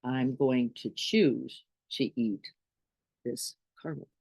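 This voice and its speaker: A woman's voice: very deep voice, takes it slowly, creaky, a little mellow, slightly rough, dry recording. A middle-aged woman giving an informal spiritual talk to a group as its teacher, in a conversational way that keeps checking in with her listeners. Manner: conversational, often checks in with "right?".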